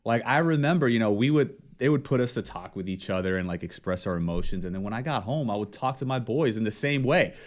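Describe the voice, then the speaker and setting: A man speaking as a podcast guest in an easygoing chat. His voice sits a bit low, and he talks earnestly, often checking in with "you know what I'm saying.". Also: lively intonation, fast talker, hardly any pauses. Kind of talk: casual chat.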